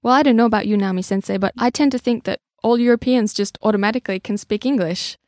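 A woman's voice: on the high side, fast talker, darkish tone, no echo, clean studio sound. A woman hosting a language lesson podcast, chatty and explaining things. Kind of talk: casual lesson talk.

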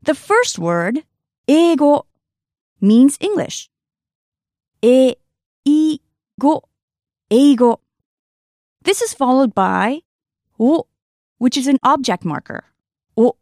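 A woman teaching a scripted language lesson, speaking clearly and carefully, slowing down to sound out words for practice. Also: high voice, very animated, darkish tone, dry recording, clean studio sound.

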